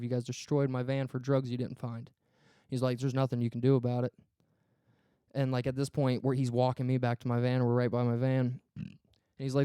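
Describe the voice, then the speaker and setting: A man's voice: medium pitch, warm tone, clean tone, no echo, studio quality. A man co-hosting a podcast, telling a story in a casual, profane way and acting out the quoted dialogue. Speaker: podcast co-host.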